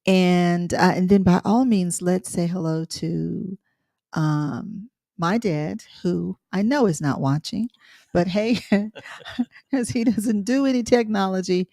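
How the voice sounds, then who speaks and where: A woman's voice: on the low side, takes it slowly, gravelly, warm tone, dry recording, clean studio sound. A middle-aged woman co-hosting a livestream, chatting casually with many fillers and restarts. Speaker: co-host.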